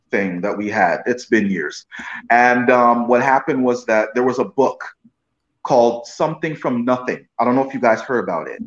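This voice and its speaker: A man spins a casual, rambling anecdote, restarting his sentences and leaning on "you know what I mean." His voice sits in the middle range and sounds roomy. The recording is dull and lo-fi. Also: medium pitch. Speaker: guest actor. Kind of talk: casual storytelling interview.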